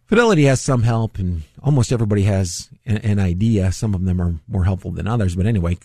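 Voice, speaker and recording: A middle-aged man talks through money matters on his radio show in a loose, chatty way, chuckling as he goes. His voice is fairly low and mellow. The sound is dry and close. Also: expressive, fast, dry recording. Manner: chatty, explanatory, chuckles often. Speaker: financial advisor and radio host. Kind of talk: casual radio talk.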